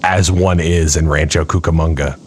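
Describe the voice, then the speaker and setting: A man co-hosting a comedy podcast, rambling through absurd improvised bits in a deadpan way. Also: extremely low pitch, moderate pace, a little hiss or hum. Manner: absurd deadpan rambling with bursts of silly voices. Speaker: podcast co-host.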